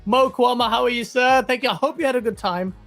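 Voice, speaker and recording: Gravelly high-voiced male stream host. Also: fast talker, a bit bright. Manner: thanking guests, plugging the channel. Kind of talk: live stream chat.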